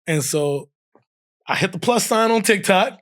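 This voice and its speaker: Slightly slow and high-pitched, this male podcast guest recounts a funny story conversationally. He's animated, laughs a lot, and performs other people's lines as he quotes them.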